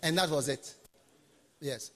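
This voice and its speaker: A man preaching a sermon at a pastors' conference, emphatic and repetitive, with dramatic swings between quiet and shouted lines. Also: on the high side, slow pace, in a large hall. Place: large conference hall.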